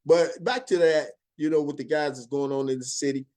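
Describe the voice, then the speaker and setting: A middle-aged man from Chicago hosts a podcast, delivering an opinionated monologue in a fairly high-pitched voice at a slightly quick pace. His storytelling is animated, emphatic and drawling, broken up with laughs.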